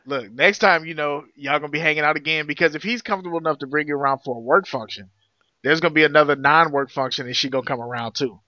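A man's voice: a little high, fast, sharp tone, no room sound. A man co-hosting a podcast, giving blunt, emphatic opinions in casual chat. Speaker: podcast co-host. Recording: dull dry lo-fi audio.

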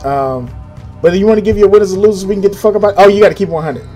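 A man co-hosting a casual, profane podcast chat, animated and jumping up into acted quotes. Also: sits high, racing, faint music behind. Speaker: podcast co-host.

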